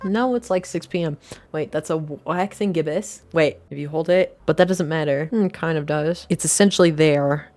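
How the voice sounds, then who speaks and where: Blunt young woman streamer, low voice. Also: normal speed, darkish tone. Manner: blunt, joking, swears casually. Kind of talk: casual gameplay commentary.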